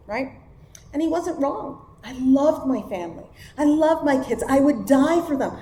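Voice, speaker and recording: A woman's voice: high voice, animated, moderate pace, dark tone, echoey room, a little hiss or hum. A woman sharing her recovery story at a meeting, in a wry, conversational way, often checking in with her listeners. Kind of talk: personal testimony at a recovery meeting.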